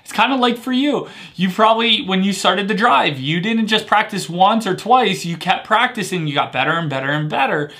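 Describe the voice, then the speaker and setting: Energetic male coach in his thirties, high and bright voice, keeps asking "right?". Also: normal speed, few pauses. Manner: energetic, punctuates points with "right?". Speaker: life coach. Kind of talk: motivational talk to camera.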